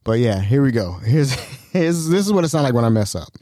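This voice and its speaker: A man's voice: mid-range voice, very animated, a little fast, dark tone, dry recording, studio quality. A man hosting his own podcast in casual solo talk, rambling and self-mocking, laughing often. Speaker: podcast host.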